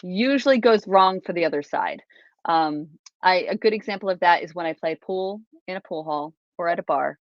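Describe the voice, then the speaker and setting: A woman hosting a livestream, telling stories in a rambling, animated way and acting out what people said. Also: on the low side, normal speed, no room sound, lo-fi sound. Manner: rambling, animated, lots of restarts and acted-out quotes. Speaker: livestream host. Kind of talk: casual storytelling to a live chat.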